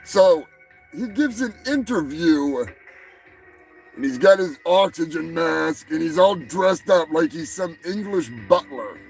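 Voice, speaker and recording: A man's voice: a little high, animated, slow, creaky, soft background music, poor audio. A male show host giving rambling, profane comedic commentary, often stumbling over and repeating his words.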